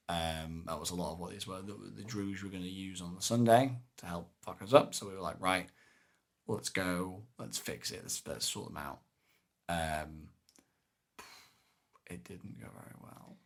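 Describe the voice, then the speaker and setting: Deep-voiced man rambling animatedly. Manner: rambling, many fillers, animated retelling. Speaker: podcast co-host. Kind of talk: casual chat recapping a live-action game event.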